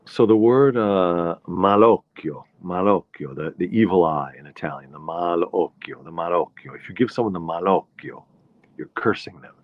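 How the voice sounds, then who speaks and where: A man's voice: low-pitched, expressive, normal speed, dry recording. A man from the Bronx, hosting a rambling, playful solo monologue full of digressions. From the Bronx, New York. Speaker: podcast host. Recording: dull lo-fi recording, dry.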